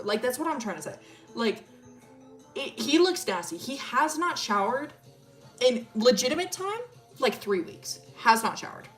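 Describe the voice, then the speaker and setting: A woman's voice: fairly high pitch, a bit bright. Giggly young woman streamer telling lore. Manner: crude, giggly, chatty. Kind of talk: casual lore storytelling on stream. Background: faint music.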